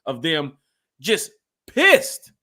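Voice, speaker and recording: A man with a drawl hosts a fan podcast, his pitch swinging high and low as he rambles on. His voice is a bit higher than most men's and comes out bright and forceful, and he keeps turning to his co-host. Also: extremely slow. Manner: animated, rambling, talks straight to his co-host. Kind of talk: casual sports fan chat.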